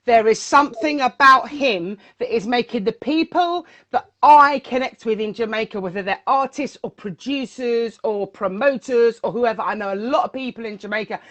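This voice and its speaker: A woman DJ speaking as a guest in a casual interview, animated and emotional, often repeating her words. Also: on the high side, normal speed.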